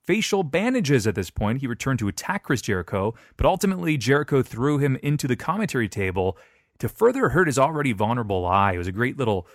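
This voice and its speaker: A man's voice: mid-range voice, sing-song, no room sound. Dry-voiced man recapping wrestling history. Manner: storytelling, laughs often, quick asides. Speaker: podcast co-host. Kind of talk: casual chat recapping a wrestling feud.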